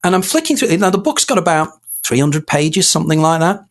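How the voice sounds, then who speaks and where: Animated man telling a story. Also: fairly high pitch, brisk. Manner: animated, acts out quoted dialogue. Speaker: guest author. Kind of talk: storytelling in a podcast interview.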